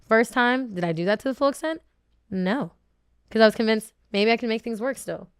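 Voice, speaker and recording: A woman's voice: fairly high pitch, a little fast, smooth, no echo, studio quality. A woman, a reality show contestant, talking candidly in a podcast interview, emotional and rambling with many fillers and restarts.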